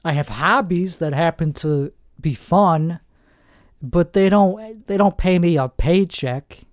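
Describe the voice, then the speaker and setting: A man in his forties from New Jersey, hosting a rambling comedic monologue with deadpan, self-mocking asides. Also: fairly high pitch, takes it slowly, no room sound, clean studio sound. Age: 40s. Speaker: comedian host.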